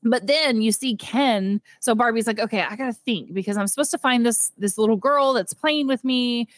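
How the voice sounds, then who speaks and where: Young woman podcast co-host, animated film recap, quoted voices, dry close sound. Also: on the high side, moderate pace, no room sound. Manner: animated retelling with quoted character voices and frequent laughter. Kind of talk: casual movie recap chat.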